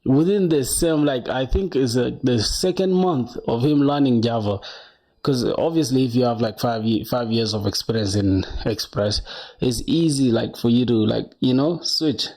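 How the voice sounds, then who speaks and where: A young man talks loosely to his livestream audience while he sets up to code. His voice is warm and dark rather than bright. He rambles, answers chat and drops a lot of "bro". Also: mid-range voice, normal speed. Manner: chatty, rambling, says bro a lot, reads chat aloud. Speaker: coding livestreamer.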